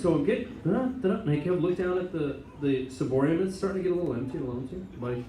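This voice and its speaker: Brief: American man, a chaplain at an informal talk, bouncy delivery, slightly high voice, lots of asides. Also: fast talker, crowd noise, background noise. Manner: animated storytelling with many asides and laughs. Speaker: Catholic priest and chaplain. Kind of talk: informal talk to a student group. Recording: echoey room, mic at a distance.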